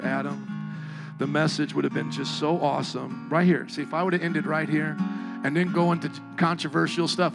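Gravelly high-voiced preacher. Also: male voice. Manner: animated preaching, jokes with the congregation, acts out voices. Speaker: pastor. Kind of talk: sermon.

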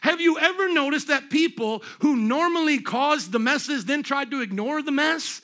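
A man's voice: very high voice, lively intonation, moderate pace, pushed and bright. A man preaching a sermon at a church service, talking in an emphatic, conversational way and throwing rhetorical questions at the congregation. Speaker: pastor.

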